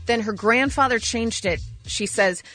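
A woman's voice: a little high, measured pace, fairly bright tone. Chatty female radio co-host. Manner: chatty, gossipy storytelling. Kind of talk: morning radio banter.

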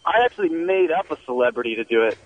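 A man calling in to a radio show and telling his story with easy amusement. His voice sits a little high and comes over a dull, muffled phone line. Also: expressive, quick pace, no echo. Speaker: caller. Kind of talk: radio call-in.

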